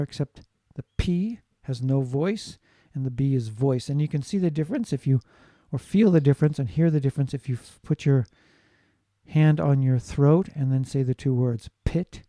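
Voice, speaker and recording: A man's voice: on the high side, moderate pace, mellow, no room sound. A man teaching a recorded lecture, explaining patiently and checking in with listeners.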